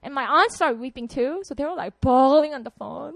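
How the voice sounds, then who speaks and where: A young woman from South Korea, giving an animated personal testimony and laughing often. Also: high-pitched, moderate pace, gravelly, hardly any pauses, dry recording.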